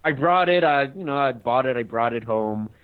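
A man in casual chat, telling an animated story and acting out both sides of the conversation. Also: mid-range voice, fairly quick, clean tone. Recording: tinny phone-like line.

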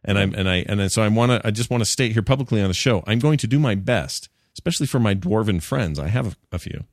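Guy cohosting a podcast, low trailing mumbles, dry close sound. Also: expressive, quick pace, no room sound. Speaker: podcast co-host. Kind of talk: casual chat.

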